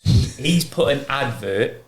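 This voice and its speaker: A man's voice: medium pitch, animated, slow. A middle-aged man hosting a casual podcast, chatty and laughing through his anecdotes. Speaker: podcast host, ex-footballer. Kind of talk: casual chat and storytelling. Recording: echoey room with faint noise.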